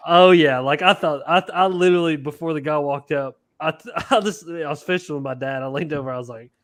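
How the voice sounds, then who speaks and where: A man's voice: on the high side, brisk, dry recording, studio quality. A man telling a fishing story in a casual podcast chat, laughing and acting out what people said. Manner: animated, laughing, acts out quotes.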